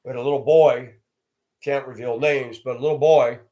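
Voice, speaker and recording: A man's voice: mid-range voice, fairly even intonation, moderate pace, warm tone. A middle-aged man telling personal stories in a blunt, plainspoken way. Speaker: storyteller host. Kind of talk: personal storytelling monologue.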